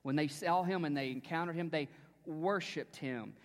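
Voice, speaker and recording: A man preaching a sermon as pastor, moving from relaxed storytelling to emphatic preaching and dropping to a hushed near-whisper on key phrases. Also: on the high side, normal speed, big-room sound.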